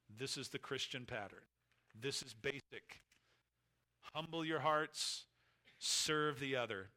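A man preaching an expository sermon, emphatic, rising loud and dropping quiet as he acts out the disciples' thoughts and quotes scripture. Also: mid-range voice. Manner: emphatic, swings between loud rises and quiet drops.

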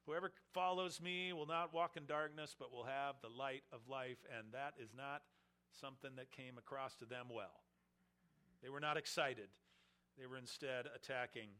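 A man preaching an expository sermon, acting out the questioners' mocking lines as he explains the text. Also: medium pitch. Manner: animated, acts out the questioners with mocking voices. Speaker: pastor.

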